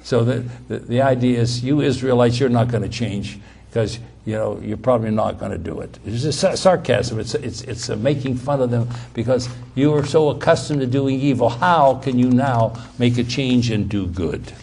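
A man delivers a sermon, repeating key words for emphasis and restarting sentences as he shifts between loud, forceful passages and quiet asides. His voice sits at a medium pitch, gravelly and slightly rough, at a normal speed.

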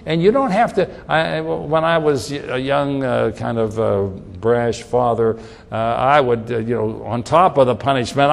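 A middle-aged man preaching a sermon, emphatic, repeating phrases and slowing down on scripture. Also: mid-range voice, gravelly. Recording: long hall reverb.

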